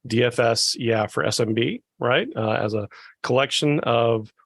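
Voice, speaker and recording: Gravelly fast-talking man. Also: mid-range voice, fairly bright tone, no room sound. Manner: quick, self-correcting, enthusiastic. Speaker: guest, tech specialist. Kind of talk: casual podcast chat.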